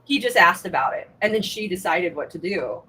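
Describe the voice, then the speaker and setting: A woman life coach chatting casually, an animated storyteller who acts out the quotes she tells. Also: on the low side, fairly quick, a little hiss or hum, poor audio. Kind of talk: casual chat.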